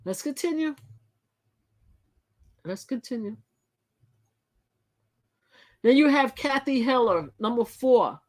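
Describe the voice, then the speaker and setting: A woman's voice: a little high, animated, slow, long pauses. A woman hosting a live channel, reading articles aloud and commenting in a chatty way, often repeating and restarting her phrases. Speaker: channel host.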